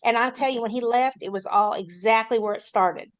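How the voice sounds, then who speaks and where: Slightly high-voiced woman telling a story. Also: fairly quick. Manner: anecdotal, matter-of-fact. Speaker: school counselor. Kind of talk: storytelling in a panel talk.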